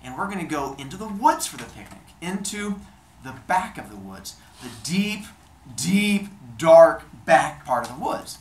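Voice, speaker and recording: A man voicing a scheming male god who puts on a high, sing-song fake cheerfulness, recorded in an echoey room. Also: big pitch swings, moderate pace, a little hiss or hum. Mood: fake cheerful. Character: scheming male sky god, sly and falsely sweet.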